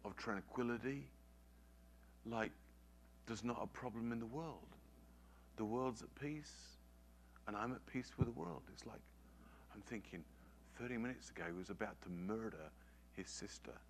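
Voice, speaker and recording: Male preacher, low voice, very slow delivery, earnest sermon storytelling with emphatic repetition. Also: slight background noise.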